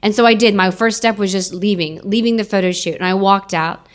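A woman's voice: medium pitch, steady tone, fairly quick. A young adult woman giving an emotional personal testimony to an audience, repeating phrases for emphasis.

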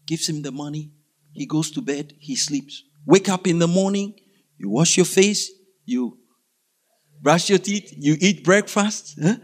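A male preacher from Africa with a notably high voice. He tells his story animatedly, acting out scenes and breaking into sudden shouts. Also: measured pace. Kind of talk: storytelling sermon.

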